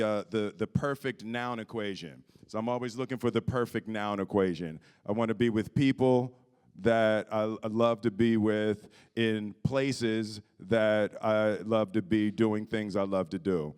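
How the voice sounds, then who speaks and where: Smooth-voiced man telling stories. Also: on the low side. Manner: animated storyteller, often laughing. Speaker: film actor on a press panel. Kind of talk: casual press-conference anecdote. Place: press conference hall.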